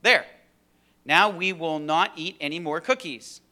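A man voicing a fussy, sensible male frog from a storybook, loud and emphatic. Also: on the high side, a little slow, pitched above the performer's own voice. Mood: pleased.

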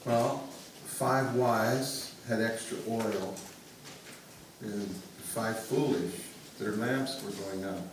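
A man leads a congregation in a calm, inviting sermon with a lowish voice. He is heard from afar in a very echoey space, with clear room noise behind him. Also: drawn-out words, recorded from a distance. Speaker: preacher.

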